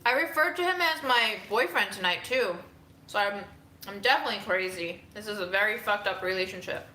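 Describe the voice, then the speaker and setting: A woman's voice: medium pitch, lively intonation, brisk, bright, forceful tone, echoey room, a little hiss or hum, poor audio. A woman hosting a casual livestream from home, chatting and ranting to her viewers. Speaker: livestream host.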